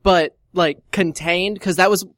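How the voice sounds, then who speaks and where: Teasing high-voiced male panelist. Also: fairly even intonation, a little slow, a bit bright, no room sound, clean studio sound. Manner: joking, teasing. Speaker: radio show panelist. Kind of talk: casual radio show chat.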